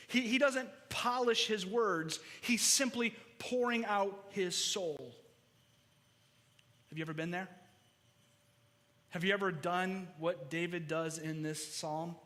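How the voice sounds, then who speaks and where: A high, bright-toned man delivering a sermon from the front of a church hall. He preaches earnestly, often repeating a word as he drives a point home. His voice rings with a long hall reverb around it. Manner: earnest, preacherly, repeats words when emphasizing. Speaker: pastor.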